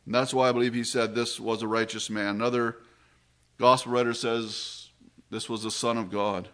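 A man preaching a sermon in a slow, measured way, his voice dropping low and soft on solemn phrases. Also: level tone.

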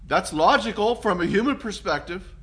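A man's voice: high voice, animated, moderate pace, a bit bright, breathy edge. A Canadian man preaching a sermon in an earnest, reflective way, with frequent restarts and fillers.

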